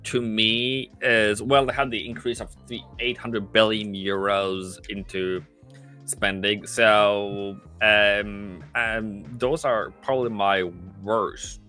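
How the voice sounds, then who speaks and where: Bright-voiced man, hesitant trading analyst. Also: lowish voice, flat delivery, slow, faint music behind. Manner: hesitant, lots of fillers. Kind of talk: casual market discussion.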